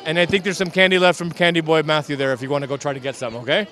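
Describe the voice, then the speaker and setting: A man's voice: on the high side, steady tone, very fast, sharp tone, some chatter behind, a little hiss or hum. A man interviewing costumed children at an outdoor Halloween parade, cheerful and coaxing, joking as a mock vampire count. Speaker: community TV street interviewer.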